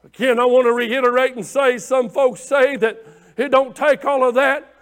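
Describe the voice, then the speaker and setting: A man with a very high voice preaching a fervent sermon. He moves from hushed, tender pleading to loud shouts, doubling back on words as the feeling builds. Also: flat delivery, moderate pace. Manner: impassioned preaching, swings from quiet to shouting; repeats words and restarts phrases. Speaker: pastor.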